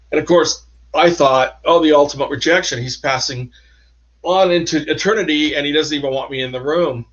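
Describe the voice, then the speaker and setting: A man, an author, telling personal stories as an interview guest, halting and restarting often as he talks. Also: a little high, a bit bright. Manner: halting, with many restarts and trailing phrases. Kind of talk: casual interview storytelling. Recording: dull lo-fi sound.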